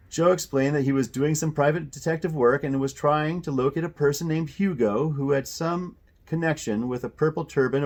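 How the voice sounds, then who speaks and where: A man reading a children's mystery novel aloud, expressive, with occasional self-corrections. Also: medium pitch. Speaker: audiobook reader.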